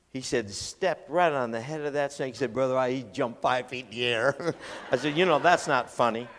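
A man preaching a storytelling sermon in a folksy, animated way, acting out voices as he tells stories. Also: medium pitch. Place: large church hall. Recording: long hall reverb.

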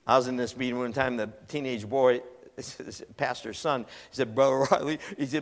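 A man preaching a storytelling sermon in a folksy, animated way, acting out voices as he tells stories. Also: mid-range voice, normal speed. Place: large church hall. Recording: long hall reverb.

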